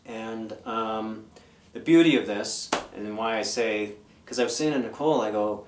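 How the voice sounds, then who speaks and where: An interview guest in his fifties spins casual, loose stories and runs through a list of old bands. He has a lowish voice at normal speed, captured far from the mic with a roomy sound.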